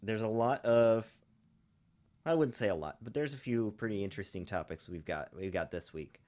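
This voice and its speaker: A man co-hosting a casual podcast over a voice call, joking in a dry, deadpan way. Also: lowish voice, moderate pace. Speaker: podcast co-host. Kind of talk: casual chat. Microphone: remote call mic.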